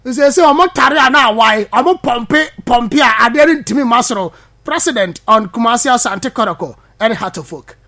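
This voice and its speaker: A man with a Ghanaian accent presenting sports news, lively, switching between his local language and English. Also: extremely high pitch, normal speed. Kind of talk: news commentary.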